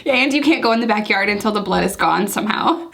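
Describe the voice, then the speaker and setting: A woman's voice: medium pitch, animated, quick pace, gravelly, background noise. Woman guest on a podcast, chatty, laughs a lot, easygoing. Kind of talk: casual chat.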